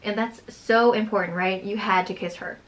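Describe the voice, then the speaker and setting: A woman's voice: medium pitch, fairly even intonation, normal speed, fairly bright tone, close to an everyday voice, poor audio. A woman reading aloud, voicing a jealous young woman who speaks sharply and bitterly.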